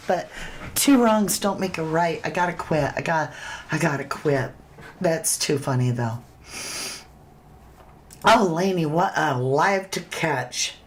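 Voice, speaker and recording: A true crime livestream host with a lowish voice leads a relaxed chat, taking her time. She speaks to viewers as friends and reads their comments aloud along the way.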